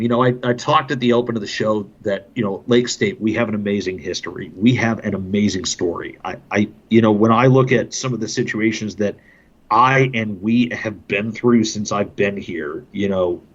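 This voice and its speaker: A man's voice: on the low side, highs cut off. A man, a hockey broadcaster on a podcast, telling casual stories and laughing often as he talks. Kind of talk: casual storytelling.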